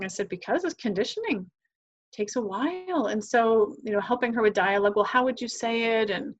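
A woman's voice: on the high side, brisk. Earnest woman coach, slightly dull audio. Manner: earnest, enthusiastic, acts out quoted dialogue. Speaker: guest, parenting coach. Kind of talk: podcast interview, animated storytelling.

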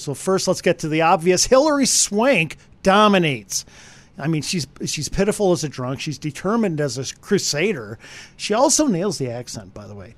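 A man giving a conversational radio movie review, animated and speaking straight to the listeners. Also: on the high side.

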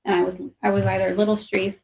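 A woman's voice: medium pitch, flat delivery, creaky, darkish tone. Modest young woman from Northeast Ohio. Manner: modest, laughs easily, halting. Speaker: youth ministry leader, guest. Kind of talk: casual chat.

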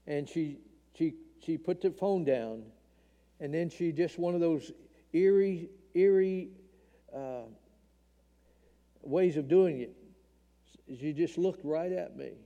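Older man, very dark voice. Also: fairly high pitch, slow pace, vocal fry, long pauses, highs cut off. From Tennessee, US. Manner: earnest, emotional storytelling. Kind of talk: personal testimony in a church talk. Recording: long hall reverb.

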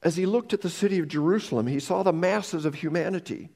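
A pastor delivering a sermon in a slightly high, gravelly voice. He swings his pitch widely, building to loud emphatic peaks and then dropping into a hushed near-whisper. He often stumbles over and repeats the opening words of a phrase. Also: lively intonation, brisk, few pauses.

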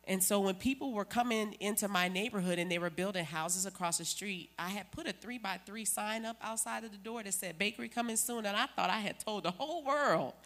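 A woman's voice: mid-range voice, fairly quick, hardly any pauses, a bit bright. A woman giving an emphatic, preachy church testimony as a guest.

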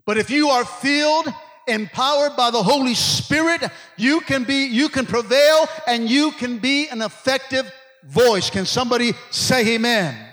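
A male preacher delivering an energetic sermon in church, sweating from the effort and peppering his lines with amens. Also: extremely high pitch, a little slow. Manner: call-and-response, frequent amens. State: sweating from exertion. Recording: long hall reverb.

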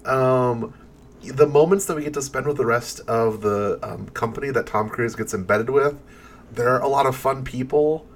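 Relaxed man chatting about a film. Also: mid-range voice, moderate pace. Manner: relaxed, stumbling on words. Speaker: podcast co-host. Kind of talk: casual movie discussion.

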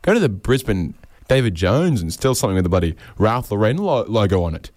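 A man with an Australian accent hosting a comedy podcast, rambling sarcastically and jumping into high mocking voices when he quotes people. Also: sing-song, brisk, a little mellow, dry recording, studio quality. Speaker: podcast host.

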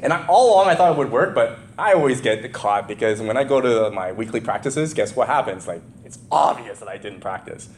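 Preaching at a fairly quick pace with few pauses, this middle-aged pastor reads from scripture before telling animated personal stories, chuckling often and drifting into loose conversational asides. His voice is medium in pitch, with a little hiss or hum behind it.

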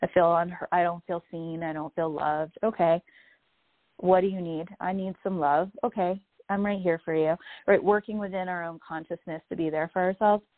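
A woman calmly explaining ideas about emotions and mindfulness in a reflective, gentle manner. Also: on the low side, normal speed, no room sound. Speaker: guest speaker. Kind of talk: spiritual wellness talk. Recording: tinny phone-line audio, dry.

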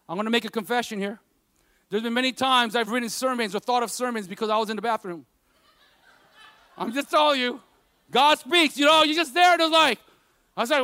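A man's voice: very high-pitched, fairly quick, long pauses, sharp tone, no echo, clean studio sound. A man preaching a sermon as pastor, telling personal stories in a conversational way full of "you know" and building to emphatic preaching.

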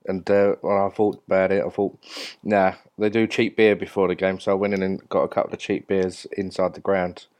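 A man's voice: sits low, level tone, a little fast, hardly any pauses, a little mellow, clear, resonant tone. A man with a Cockney accent chatting as a podcast regular, joking and easygoing. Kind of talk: casual chat.

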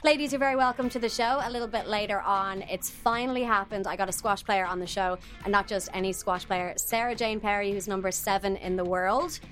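A woman's voice: medium pitch, a little fast, hardly any pauses, a bit bright, faint music behind. Bubbly Irish woman hosting a podcast. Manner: bubbly, laughs often, scripted intro then chatty. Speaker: podcast host.

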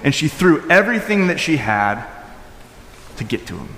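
Man preaching in an echoey hall. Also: normal speed. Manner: animated, swinging from loud high emphasis to soft low asides; informal, with fillers and restarts. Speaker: pastor. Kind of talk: conversational sermon. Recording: echoey hall with long reverb.

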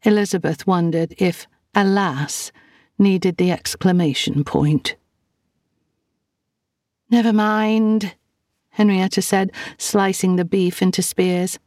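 A woman reading an audiobook in a measured, gentle narration. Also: fairly low pitch, steady tone, dry recording, studio quality. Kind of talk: scripted narration.

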